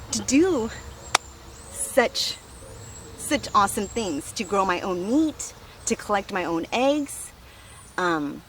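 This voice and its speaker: A woman giving a casual, enthusiastic tour of her farm garden outdoors, talking warmly and laughing often. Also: medium pitch, a little hiss or hum. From United States.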